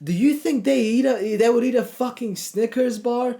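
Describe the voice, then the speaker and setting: A man's voice: extremely high pitch, moderate pace, gravelly, mellow. A young man in his twenties, a fitness coach giving a blunt, profane, pushy motivational talk. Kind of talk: casual motivational vlog.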